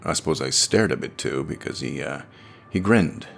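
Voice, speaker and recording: A man's voice: very deep voice, lively intonation, moderate pace, gravelly, a bit bright, a little hiss or hum, exaggerated voice. A young man playing a cheeky dream traveler, narrating in a wry, chatty way. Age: young adult. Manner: wry, conversational storytelling. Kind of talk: audio drama monologue narration.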